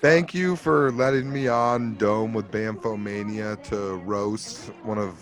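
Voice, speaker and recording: A man's voice: lowish voice, fairly even intonation, takes it slowly, faint music behind. A young man guesting on a podcast, rambling and joking crudely in casual banter.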